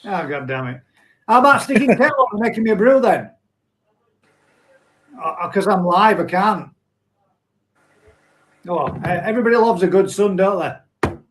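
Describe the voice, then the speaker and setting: A man's voice: high voice, expressive, unhurried, long pauses, rough recording. A middle-aged man hosting a casual live stream from home, reading viewer comments aloud and laughing often.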